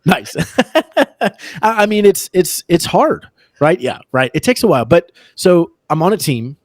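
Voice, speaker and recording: Animated storytelling man, dry sound. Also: sits high, measured pace, no room sound. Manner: animated, laughs often while telling a story. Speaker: real estate agent, podcast guest. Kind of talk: casual storytelling in a podcast chat.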